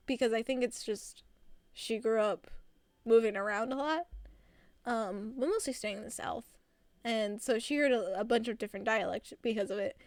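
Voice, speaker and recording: A woman's voice: on the high side, no echo, studio quality. A woman from the American South chatting casually on a live stream, giggly and rambling, with frequent laughs. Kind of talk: casual chat.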